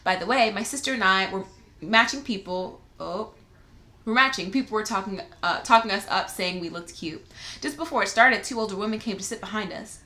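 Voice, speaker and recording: A woman's voice: mid-range voice, fairly quick, pushed and bright. A young woman co-hosting a casual podcast, reading a listener's letter aloud, laughing often and swearing freely. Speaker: podcast co-host. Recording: roomy echo.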